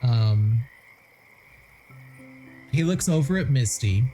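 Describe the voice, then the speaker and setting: A woman narrating a tabletop game as game master, laid-back, with frequent pauses and laughs. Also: very deep voice, animated, warm tone, soft background music, rough recording.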